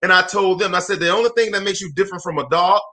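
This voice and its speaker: A man from Alabama delivers a motivational talk in the cadence of a preacher. His voice sits high and rings bright. He repeats his lines for emphasis and calls out to listeners by name. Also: rapid-fire. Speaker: motivational host.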